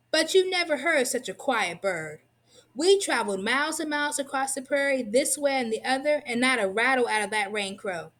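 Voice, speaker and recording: A woman reading a tall-tale children's book aloud in an expressive, lively storytelling manner. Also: high-pitched. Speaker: reader.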